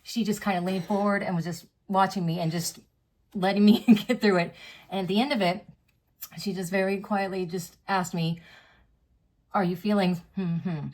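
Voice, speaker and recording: A woman's voice: medium pitch, steady tone, moderate pace, darkish tone. A woman in her thirties, a vlogger, telling a personal story in a candid, chatty way full of fillers and reenacted dialogue.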